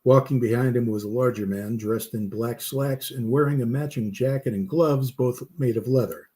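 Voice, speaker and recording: A man narrating a campfire story in a steady way, with small slips and restarts. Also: medium pitch, moderate pace.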